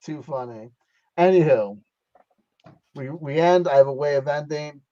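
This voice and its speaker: Guy hosting a livestream, kinda high voice, rambly and laughy, dull dry audio. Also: measured pace, mellow, dry recording. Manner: laughing, rambling, sentimental sign-off. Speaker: livestream host. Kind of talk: casual livestream chat.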